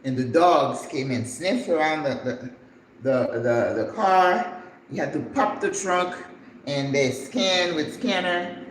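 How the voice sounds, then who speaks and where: An older woman hosting a cooking channel, telling a story in a lively, dramatic way as she cooks and acting out the people in it. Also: low-pitched, takes it slowly. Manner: animated, dramatic storyteller who acts out the people in her story. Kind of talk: casual storytelling while cooking. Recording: echoey room with faint background noise.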